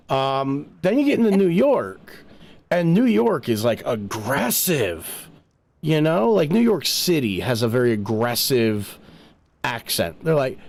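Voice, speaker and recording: A man's voice: medium pitch, sing-song, measured pace, gravelly, a little mellow. A middle-aged man from New Jersey, rambling through a casual chat while gaming and telling stories with lots of filler words. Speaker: streamer.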